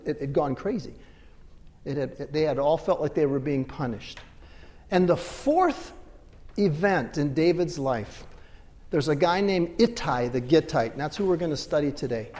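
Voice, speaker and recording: A man with a notably high voice preaches a sermon, his words ringing out in a hall with a long echo. He moves between forceful, raised lines and dropped, hushed asides. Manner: swings between loud emphatic bursts and low quiet asides. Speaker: pastor.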